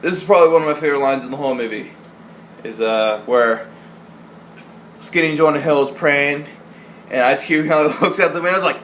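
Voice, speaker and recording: A man's voice: a little high, fairly quick, pauses often, a bit bright, a little hiss or hum. A young man casually counting down favorite movie lines, joking, swearing, and putting on voices for the quotes. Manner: profane, jokey, quotes lines in goofy voices. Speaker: vlogger. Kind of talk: casual movie-list vlog.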